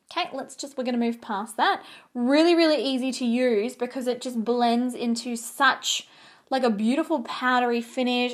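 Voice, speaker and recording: Chatty young woman doing her makeup. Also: on the high side. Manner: chatty and playful, drifts off topic. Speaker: beauty vlogger. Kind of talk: casual get-ready-with-me chat.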